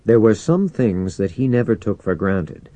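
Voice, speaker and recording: A man reading an audiobook as narrator in a measured, expressive way. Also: lowish voice, no room sound, dull audio. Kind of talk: scripted narration.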